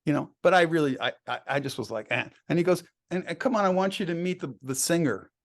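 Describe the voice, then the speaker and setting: A man's voice: fairly high pitch, quick pace. A man, a songwriter guest in an interview, telling anecdotes casually, laughing often and acting out the dialogue he quotes.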